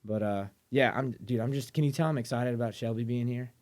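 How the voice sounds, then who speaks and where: A man from southern Mississippi hosting a podcast in casual chat, eager and excitable, often restarting his sentences. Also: mid-range voice, fairly quick. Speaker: podcast host.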